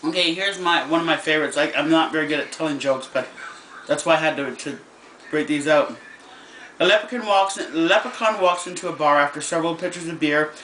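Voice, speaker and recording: A man's voice: fairly high pitch, pushed and bright. Hesitant man joking in an echoey room. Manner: hesitant, halting delivery with many restarts. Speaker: vlogger. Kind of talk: casual joke-telling vlog. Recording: echoey room with faint background noise.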